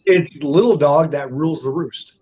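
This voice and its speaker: A man's voice: fairly high pitch, moderate pace, darkish tone, slightly rough. A man chatting casually on a livestream, chuckling and agreeing. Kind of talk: casual chat. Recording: dull lo-fi audio.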